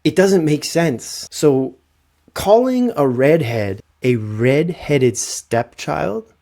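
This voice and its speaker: A man hosting a podcast, telling comic stories in an animated, profane way. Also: fairly high pitch, slow, creaky. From Canada. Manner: animated, profane, rhetorical "right?". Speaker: podcast host. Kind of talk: comic storytelling.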